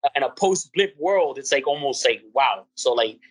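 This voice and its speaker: A man co-hosting a podcast, chatting casually about a film with rambling fan excitement. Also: medium pitch, normal speed, husky, low-quality recording. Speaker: podcast co-host. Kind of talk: casual movie review chat.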